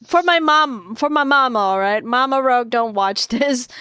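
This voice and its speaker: A woman's voice: fairly high pitch, moderate pace, sharp tone, clean tone, no room sound. A woman hosting a livestream in casual chat, giggly and playful, swearing freely. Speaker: livestream host.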